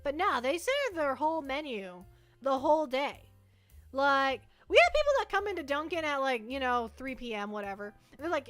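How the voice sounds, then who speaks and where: A high-pitched young woman with a bright, sharp tone chats on a livestream. She rambles playfully, tripping over restarts, with faint music under her voice. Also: sing-song, normal speed, no echo. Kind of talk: casual livestream chat.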